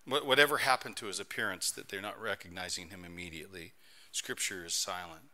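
A middle-aged man preaching a sermon as pastor, telling stories in an animated way that swings between soft and loud. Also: low voice, a little fast.

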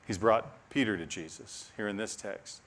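A man preaching a sermon, animated with laughing asides, dropping to a soft hush on key lines. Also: on the low side, normal speed.

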